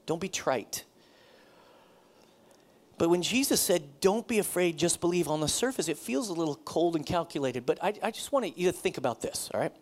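A man, a pastor, preaching a sermon in a conversational, animated way, often repeating himself. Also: a little high, moderate pace.

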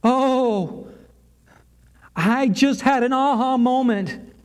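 A man's voice: high voice, measured pace, warm tone. A man playing a grief-stricken prophet who cries out his unworthiness in awe. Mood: anguished. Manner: pleading, repeating cries of unworthiness.

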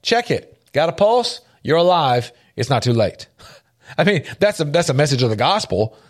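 Animated storytelling man. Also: normal speed. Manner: animated storytelling, jumps up in pitch for quoted voices. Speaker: podcast co-host. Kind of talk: faith-based motivational talk.

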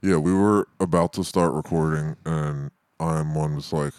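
A man's voice: a bass voice, steady tone, moderate pace, few pauses, a little mellow, no echo. A man co-hosting a podcast in loose, profane banter, often breaking into laughter. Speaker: podcast co-host. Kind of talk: casual chat.

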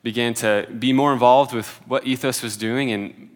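A man's voice: medium pitch, steady tone, moderate pace. A man in his twenties preaching a sermon in a casual, conversational way, with many filler "like"s and self-deprecating humor. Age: 20s.

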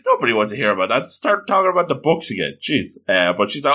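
A man reading a comic book aloud, with animated, laughing comic asides and exclamations. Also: medium pitch, a little fast. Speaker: reader and commentator. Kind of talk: comedic comic-book read-along.

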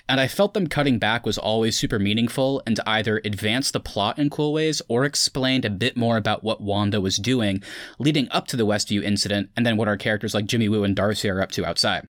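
A man's voice: medium pitch, fairly bright tone, no echo, clean studio sound. A man hosting a casual podcast, recapping an episode and chatting loosely with friends. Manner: recaps plot then chats loosely with friends. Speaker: podcast host.

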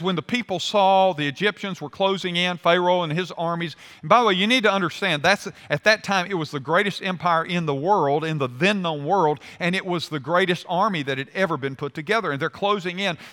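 A man's voice: high-pitched, pushed and bright. A male pastor preaching a sermon in a church, acting out the voices of complaining people. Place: church sanctuary. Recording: hall reverb.

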